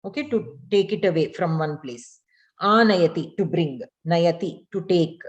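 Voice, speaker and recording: A woman's voice: fairly low pitch, expressive, unhurried, lo-fi sound. Patient woman teaching a language class. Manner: patient, explanatory, repeats and translates each phrase. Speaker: Sanskrit teacher. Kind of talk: online class lesson, reading and explaining.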